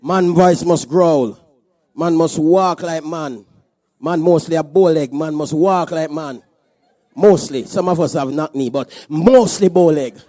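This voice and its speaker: A man preaching a sermon as pastor at a church service, animated and joking. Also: on the high side, unhurried, dry recording.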